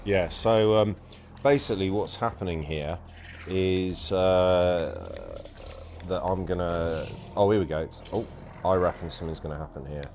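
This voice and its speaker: A man's voice: low voice, lively intonation, measured pace, darkish tone, a little hiss or hum. A young man hosting a let's play, bantering and teasing his co-host in casual gaming chat.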